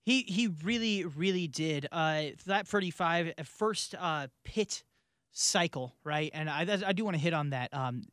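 A man co-hosting a casual podcast chat, talkative and quick to laugh. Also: a little high, fairly bright tone, clean tone, no room sound, studio quality. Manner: chatty, laughs often, trails off and restarts. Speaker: podcast co-host.

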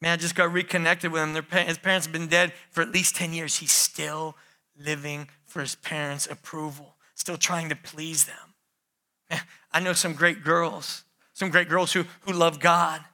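Emphatic male preacher with a bright voice. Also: fairly high pitch, flat delivery, moderate pace. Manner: emphatic preaching, often addresses the congregation as "church", acts out quoted pleas. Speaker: pastor. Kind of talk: sermon.

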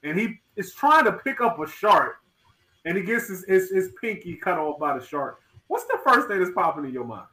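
A man's voice: high voice, sing-song, moderate pace, bright, forceful tone. A man co-hosting a podcast, talking emphatically and animatedly in casual chat. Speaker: podcast co-host. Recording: echoey room.

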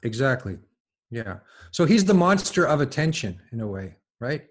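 A man's voice: medium pitch, very animated. A man, a podcast guest, talking through ideas casually, stumbling and restarting his sentences as he thinks aloud. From lives in France. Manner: halting, many restarts and repeated words, thinking aloud. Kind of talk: casual intellectual conversation.

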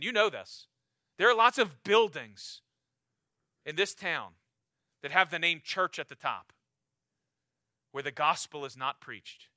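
Emphatic high-voiced male preacher. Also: no room sound, clean studio sound. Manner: emphatic, repeats key phrases, swings from loud urging to low quiet. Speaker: pastor. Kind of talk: sermon.

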